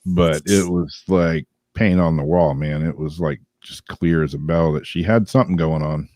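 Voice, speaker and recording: A man with a very deep voice chats casually as a show's co-host. His stories ramble along with lots of fillers and laughs. The sound is close and dry. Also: moderate pace, a little mellow, dry recording. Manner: rambling storyteller with many fillers, laughs often. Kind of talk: casual chat.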